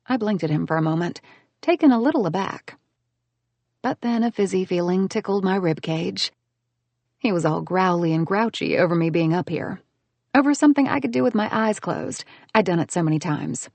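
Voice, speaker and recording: A woman narrating a first-person romance audiobook in a smooth, expressive way. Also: fairly low pitch, moderate pace, no room sound.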